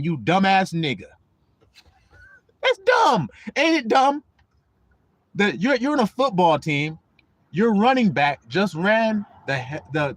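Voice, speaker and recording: A man's voice: high voice, no echo. A man preaching on a livestream in a streetwise, profane style, mocking his listeners, laughing and firing rhetorical questions. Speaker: online preacher and livestream host.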